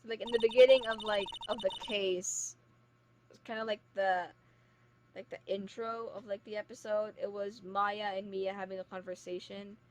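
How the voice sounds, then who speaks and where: A young woman streaming a game, chatting casually and reading its dialogue aloud on a low-quality mic. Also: steady tone, moderate pace, slight background noise. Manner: chatty, full of "like" and restarts.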